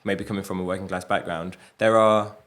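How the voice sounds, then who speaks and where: Male co-host, lowish voice, earnest and reflective. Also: flat delivery, fairly quick, fairly bright tone. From English Midlands. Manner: earnest, reflective, many "kind of" hedges. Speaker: podcast co-host. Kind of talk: casual interview talk.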